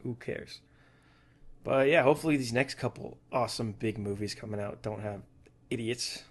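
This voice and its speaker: A young man with a Texan accent who co-hosts a movie podcast. He talks in a relaxed, joking way and often lets his sentences drift off into a softer voice, with a pitch in the middle range. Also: moderate pace. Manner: laid-back, joking, often trailing off quietly. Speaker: podcast co-host. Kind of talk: casual chat.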